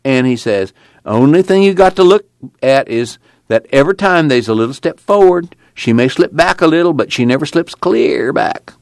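A man doing a fervent high-voiced preacher. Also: animated, moderate pace, dry recording, studio quality. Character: excited earnest rural preacher man. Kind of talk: audiobook character voice.

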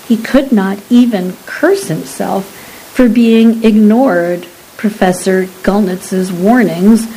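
A woman narrating a story in a measured audiobook reading. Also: mid-range voice, warm tone, slight background noise, low-quality recording.

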